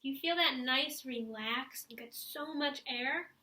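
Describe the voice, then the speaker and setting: A young woman with a high, bright voice leads a class through stretches and breathing. She talks straight to the students, encouraging them and showing each sigh and deep breath herself. Her voice stays clear and lively throughout. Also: slow, reverberant. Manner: encouraging, demonstrates breaths and sighs. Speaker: music teacher. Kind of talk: instructional video for young students.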